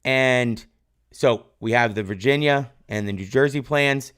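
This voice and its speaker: A man's voice: mid-range voice, unhurried, a bit bright, clear, resonant tone. A man teaching a live-streamed exam review lesson, loosely quizzing his viewers and praising their answers. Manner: loose, rambling, tag questions like "right?". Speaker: history teacher.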